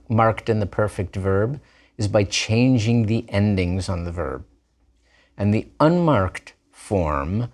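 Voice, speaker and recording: A man with a lowish voice teaches a grammar lesson at an unhurried, deliberate pace. He drills each form patiently and repeats examples so students can follow. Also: a little mellow. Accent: Israeli Hebrew pronunciation of Hebrew words. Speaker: language teacher.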